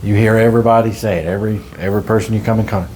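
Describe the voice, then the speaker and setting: A man in his thirties with a very low voice, talking through a relaxed faith conversation. He sounds earnest and encouraging and laughs easily, over faint room ambience. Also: rapid-fire, slight background noise. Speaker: ministry podcast host.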